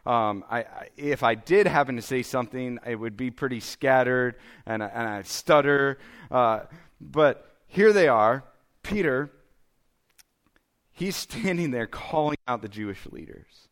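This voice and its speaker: A man, preaching a sermon in a conversational, self-deprecating way and checking in with listeners. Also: mid-range voice. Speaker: pastor.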